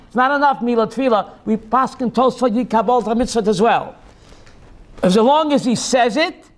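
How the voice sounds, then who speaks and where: Very high-voiced rabbi quizzing his class. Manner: quizzes students by name, reads Hebrew text and translates. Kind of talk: classroom text study.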